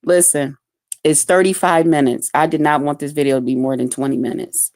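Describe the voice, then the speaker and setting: Animated woman in a dry close recording. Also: sits low, fairly quick, dry recording. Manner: animated storytelling, acts out quotes loudly, laughs often. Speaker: vlogger. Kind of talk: casual chat to viewers.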